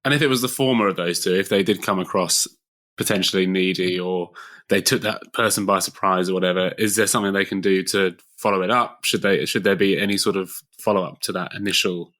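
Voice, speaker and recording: A man's voice: low-pitched, steady tone, fairly quick, fairly bright tone. A man co-hosting a podcast, reading out listener questions and responding in a friendly, casual way. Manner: friendly, reads questions aloud, brief affirmations.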